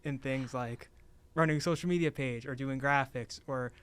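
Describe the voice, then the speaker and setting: Young male podcast host; mid-pitched, smooth; relaxed and encouraging. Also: normal speed. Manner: relaxed, encouraging, with frequent murmured agreement. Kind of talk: casual interview chat.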